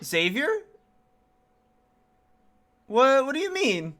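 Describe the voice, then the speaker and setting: A man's voice: sits high, lively intonation, takes it slowly, a bit bright. A man streaming a game, thinking aloud in a chatty, self-deprecating way. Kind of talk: casual let's-play commentary.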